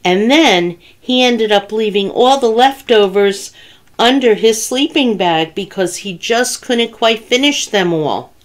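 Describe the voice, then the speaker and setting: A woman who works as a children's librarian, reading a picture book aloud with gentle, expressive storytelling. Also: fairly high pitch, unhurried.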